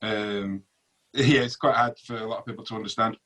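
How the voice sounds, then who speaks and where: A man with a Yorkshire accent, chatting as a guest on a video call, rambling and hesitant with many pauses and digressions. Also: fairly low pitch, fairly even intonation, a bit bright, low-quality recording. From Yorkshire, England. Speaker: magician guest.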